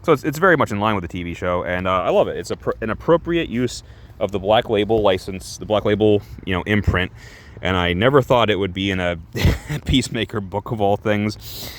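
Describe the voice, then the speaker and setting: In a loose, crude, chatty way, a man reviews a comic book, often laughing and fixing his own words as he goes. His voice is fairly low and his pace slightly quick.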